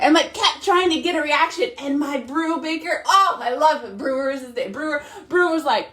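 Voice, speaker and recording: A mom vlogger in her thirties gives a casual, motivational monologue to her followers, animated, emphatic and repetitive. Her voice sits high with a bit of brightness, brisk and nearly without pauses.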